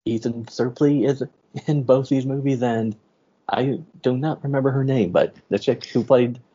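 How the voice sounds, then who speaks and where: A man hosts a podcast in loose, joking chat and laughs easily. His voice is dark and husky. The audio is dull and lo-fi. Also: medium pitch, moderate pace. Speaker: podcast host. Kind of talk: casual chat.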